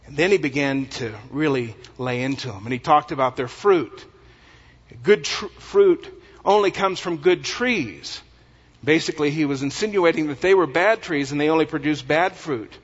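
A pastor from West Texas, preaching an animated, folksy sermon full of humor. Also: male voice, fairly high pitch, normal speed. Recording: echoey hall, dull lo-fi sound.

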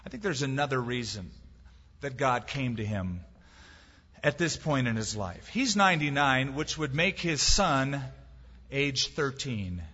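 Husky-voiced man preaching in a reverberant hall. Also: mid-range voice, lively intonation, measured pace, pushed and bright. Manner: emphatic preaching with rhetorical questions and dry humor. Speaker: pastor. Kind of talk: sermon. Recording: dull sound with long hall reverb.

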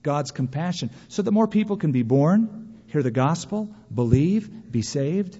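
A man preaching a sermon to a congregation, lively and storytelling, acting out imagined complaints in a raised voice. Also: fairly high pitch, unhurried, slightly rough. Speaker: pastor. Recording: dull lo-fi sound with long reverb of a large hall.

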